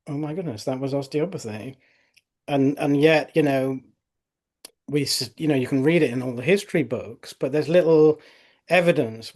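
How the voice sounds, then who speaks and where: A man's voice: mid-range voice, a little mellow. A man in his fifties, an osteopath, telling a case story in an interview, rambling with many fillers and restarts. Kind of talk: interview anecdote.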